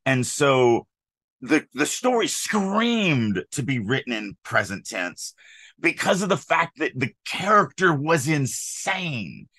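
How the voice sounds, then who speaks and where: A man's voice: medium pitch, sing-song, slow, pushed and bright, no room sound. A middle-aged man co-hosting a writing podcast, talking casually in an opinionated, emphatic way with rambling asides. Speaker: podcast co-host, author. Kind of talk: casual chat on writing craft.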